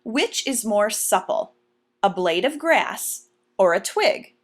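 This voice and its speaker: A woman teacher walks through vocabulary words in a recorded lesson, speaking clearly and deliberately. Her pitch rises and falls a lot as she explains, and she keeps turning to her students with questions. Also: sing-song.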